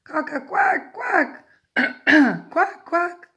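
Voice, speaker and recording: A woman's voice: big pitch swings, very slow, exaggerated voice. A woman voicing a frantic male cockerel who has forgotten how to crow, in a storybook read to a child. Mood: squawking. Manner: squawking, high and shouted.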